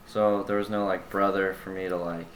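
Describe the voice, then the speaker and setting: A man's voice: sits low, flat delivery, moderate pace. A young man in casual podcast chat, telling stories in a loose, rambling way with lots of fillers and swearing. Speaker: podcast co-host. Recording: echoey room, faint room noise.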